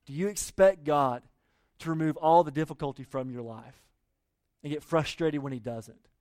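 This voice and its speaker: A man preaches a sermon in a high, light voice. He talks to the congregation conversationally, firing rhetorical questions and dropping from loud appeals to near-hushed asides. The sound is dry and close. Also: moderate pace, dry recording. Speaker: pastor.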